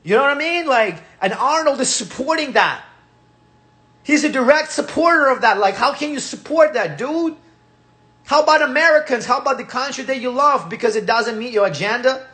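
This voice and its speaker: A man's voice: extremely high pitch, lively intonation, moderate pace, bright, forceful tone. A man with a Russian accent, a native Russian speaker, giving a heated, profane rant as host of his own channel. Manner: profane, repetitive, ranting.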